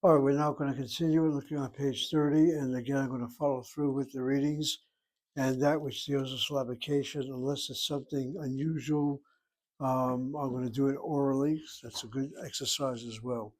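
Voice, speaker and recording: A man teaching a Hebrew lesson, explaining slowly and carefully and sounding out words. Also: medium pitch, fairly even intonation, a little mellow. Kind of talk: slow classroom lesson.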